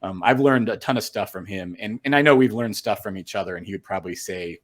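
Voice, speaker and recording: A man's voice: on the low side, quick pace. A middle-aged man talking as a guest on a casual podcast, rambling and earnest with lots of fillers and restarts. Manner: rambling, filler-heavy storytelling with many restarts; earnest and open about his feelings. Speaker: storm chaser and photographer, podcast guest.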